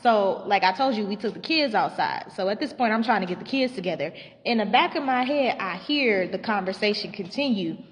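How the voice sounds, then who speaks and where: A woman's voice: mid-range voice, fairly quick, in a large hall. A woman casually telling a story about her school job, swearing freely and acting out the people she quotes. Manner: animated, profane, acts out quotes.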